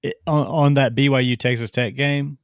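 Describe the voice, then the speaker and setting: A man's voice: medium pitch, steady tone, clean tone, no room sound. A man co-hosting a casual sports show, chatty and reading out scores and prices. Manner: chatty, reads stats, quick reactions. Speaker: co-host.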